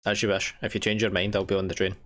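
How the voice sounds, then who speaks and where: A man's voice: on the low side, flat delivery, fast, fairly bright tone, natural voice. A man reading as a polite train conductor. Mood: courteous.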